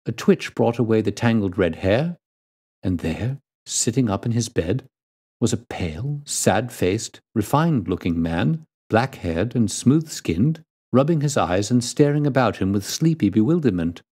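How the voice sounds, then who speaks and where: A man reading a classic detective story aloud as storyteller, in a measured and deliberate way. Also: lowish voice, expressive, dark tone, slightly rough.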